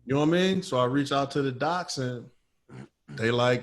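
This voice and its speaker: A man's voice: medium pitch, normal speed. A man co-hosting a podcast, telling a story in casual chat full of profanity and slang. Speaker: podcast co-host.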